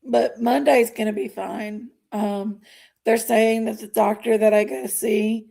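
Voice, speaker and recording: Gravelly-voiced woman, emotional. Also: a little high, steady tone, warm tone. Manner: emotional, halting, sighing between phrases. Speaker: livestream host. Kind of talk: casual livestream chat.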